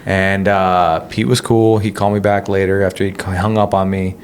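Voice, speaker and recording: A man with a very low voice co-hosts a relaxed kitchen-table podcast. He tells stories in a loose, rambling way, full of fillers and restarts, with a faint hum of room noise behind him. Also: moderate pace. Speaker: podcast co-host. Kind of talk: casual storytelling chat.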